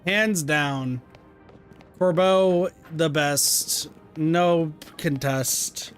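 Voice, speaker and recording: A young man streaming a game, chatting casually with self-mocking, animated remarks. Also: on the high side, extremely slow, soft background music. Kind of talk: casual gameplay commentary.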